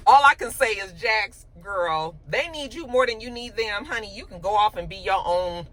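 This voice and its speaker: A woman host recapping a TV episode in casual chat, animated and profane, filling her lines with "you know.". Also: medium pitch, moderate pace, hardly any pauses, poor audio.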